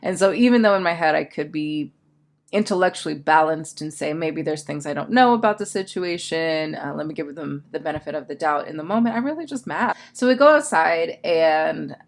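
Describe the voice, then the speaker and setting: Woman, low voice, candid and self-reflective vlog talk. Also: animated, a little fast, vocal fry. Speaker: change management coach. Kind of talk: reflective personal vlog monologue.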